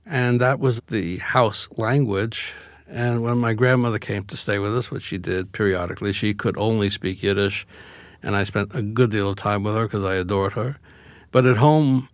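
A man's voice: lowish voice, normal speed, no room sound, studio quality. An older man from Brooklyn, speaking as an interview guest in a reflective, wry way. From Brooklyn, USA. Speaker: guest author. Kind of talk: casual interview conversation.

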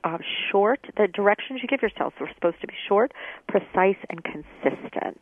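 A woman's voice: fairly low pitch, no room sound. A woman guest expert explaining things in a conversational way, thoughtful, with many fillers and restarts. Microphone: telephone. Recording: dry tinny phone line.

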